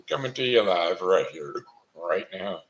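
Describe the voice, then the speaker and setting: A man hosting a casual live home broadcast from Missouri, rambling and chatty, tired, giving shout-outs and singing. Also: low voice, low-quality recording. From St. Charles, Missouri. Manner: rambling, chatty, sings a birthday song.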